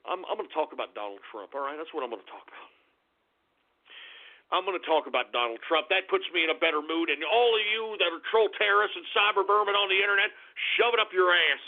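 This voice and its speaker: A man hosting a talk radio show, ranting crudely and insulting his critics, sometimes shouting. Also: on the high side, lively intonation, fast. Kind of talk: angry talk radio rant. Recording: tinny phone-like lo-fi radio.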